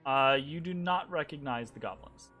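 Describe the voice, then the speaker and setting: A young man narrating as game master, animated and chatty with many fillers. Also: medium pitch, normal speed. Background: faint background music.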